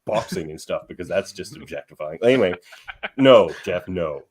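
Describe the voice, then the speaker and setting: A man with a fairly low voice argues his point in a loose comedy debate podcast. He is blunt and dismissive of the others, and he leans on "like" as a filler. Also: lively intonation, moderate pace, a little mellow, slight background noise.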